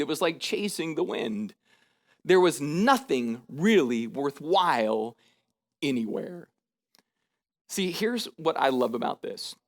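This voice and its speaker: A man preaching a sermon as a pastor, in a conversational way that acts out scripture in lively paraphrase, with frequent rhetorical asides. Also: a little high.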